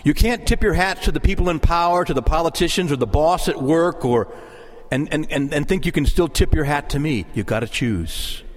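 A man preaching a sermon, animated and pleading as he moves between teaching and prayer. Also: fairly high pitch, fairly quick, few pauses. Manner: lively, rising to impassioned pleading in prayer. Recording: long hall reverb.

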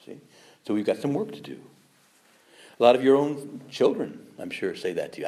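A man giving a Catholic parish talk, animated and humorous, firing rhetorical questions at the audience and acting out the objections people raise. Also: mid-range voice, moderate pace. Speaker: Catholic speaker.

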